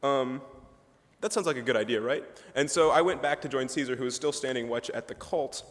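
A man's voice: medium pitch, a little fast, a bit bright. A young man, a ministry student, giving a humorous, chatty chapel talk, full of asides and fillers. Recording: reverberant chapel hall.

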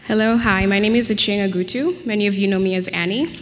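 A young woman from Kenya talks on a student panel in British-style English. Her voice sits at an ordinary middle pitch and she speaks in an expressive, lively way. A long reverb trails after her words, as in a large hall. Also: fast talker, slight background noise. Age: young adult. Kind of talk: panel discussion.

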